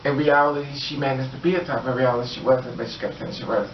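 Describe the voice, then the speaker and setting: A man's voice: medium pitch, steady tone, fast talker, slight background noise. A man casually retelling a story in a rambling, filler-heavy way, slipping into quoted voices. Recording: roomy, distant, dull, faint ambience.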